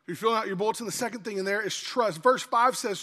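A man's voice: high voice, quick pace, pushed and bright. A man preaching a sermon in a church, telling a folksy story. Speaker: pastor. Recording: long church-hall reverb.

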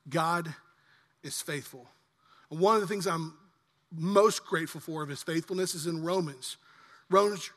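An earnest pastor in his forties delivers a sermon in a high, bright voice. He builds louder through emphatic lists and slows down to stress his key points. His voice rings with the long reverb of a church hall.

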